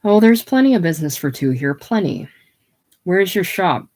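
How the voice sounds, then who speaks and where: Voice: medium pitch, big pitch swings, normal speed, darkish tone. A reader voicing David, a plain-spoken young garage owner of about twenty-one, friendly but a bit tense. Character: young small-town garage man, about 21.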